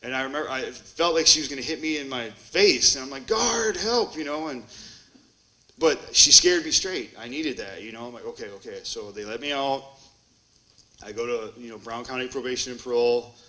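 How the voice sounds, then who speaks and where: Man, Wisconsin, treatment court graduate; bright tone, rambling storyteller who acts out the quotes. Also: medium pitch, a little fast, rough recording. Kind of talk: personal recovery testimony.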